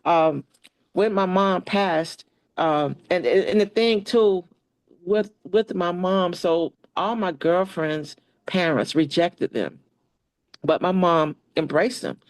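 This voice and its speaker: A woman's voice: fairly low pitch, slow, no room sound, rough recording. Woman telling her story, dry sound. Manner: relaxed, frequent fillers and restarts, reads poetry aloud. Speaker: interview guest. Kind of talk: personal storytelling in conversation.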